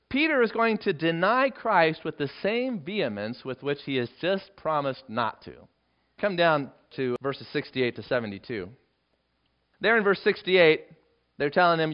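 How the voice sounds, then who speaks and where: A man preaching an expository sermon, working through a passage verse by verse and acting out the quoted lines with lively emphasis. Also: moderate pace. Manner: animated, acts out quoted lines with rising pitch. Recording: dull lo-fi recording.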